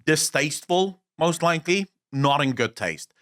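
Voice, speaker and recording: Man from south africa, podcast co-host, swinging lively pitch, emphatic, swears. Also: normal speed. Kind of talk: casual chat.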